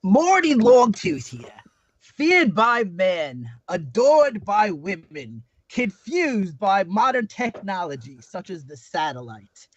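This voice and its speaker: A grandiose old Nosferatu vampire, played by a man, boasting of his feeble powers in a tabletop game. The voice sits high and swings wildly in pitch while the words come slow and drawn out. The sound is dull and lo-fi, as if over an online call. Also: big pitch swings, no echo, exaggerated voice. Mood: boastful. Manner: grandiose, self-mocking. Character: old male Nosferatu vampire, bumbling, weak. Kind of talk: tabletop role-play.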